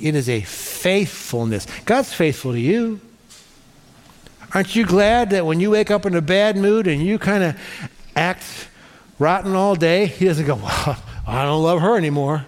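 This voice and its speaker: Pastor, man, high voice, lively preaching with repeated phrases, reverberant church hall. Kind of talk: sermon.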